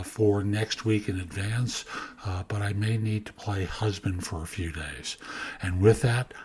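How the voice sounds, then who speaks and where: An older man with a low, slightly husky voice hosts a career advice podcast. He talks casually and gently, in an easygoing, conversational manner. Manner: soft, gentle, conversational delivery. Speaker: career coach and podcast host.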